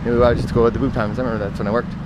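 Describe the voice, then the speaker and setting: A man's voice: medium pitch, little pitch movement, racing. Rambling man over traffic noise. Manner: meandering, self-correcting, trails off into asides. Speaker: vlogger telling personal stories. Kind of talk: casual rambling monologue.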